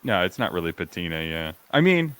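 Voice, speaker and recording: A man's voice: sits low, sing-song, a little fast, fairly bright tone. A man hosting a casual chat, blunt and wry with strong opinions. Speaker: host.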